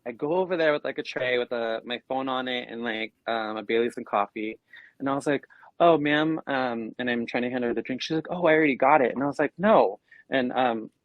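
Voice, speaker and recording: A man mid-story on a casual podcast, voice in an ordinary middle register. He brings quoted people to life with lively jumps in tone, and the recording is dry and close. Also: mid-range voice, a little fast, no room sound, narrow, tinny audio. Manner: animated, acts out quoted voices. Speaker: podcast co-host.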